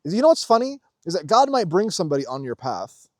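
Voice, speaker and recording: A man's voice: fairly high pitch, big pitch swings, fast talker, no room sound, clean studio sound. A man giving a blunt, profane spiritual talk to his viewers, jumping into mocking voices when he mimics others. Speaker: spiritual vlogger. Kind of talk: unscripted spiritual monologue.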